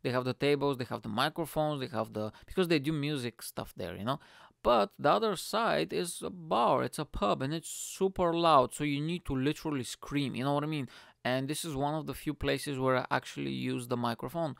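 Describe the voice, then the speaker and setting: Man, gravelly yet smooth voice, dry close sound, rambling casual storytelling, swears a lot. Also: a little high, a little fast, dry recording. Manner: rambling, profane, animated quotes. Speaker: stand-up comedian.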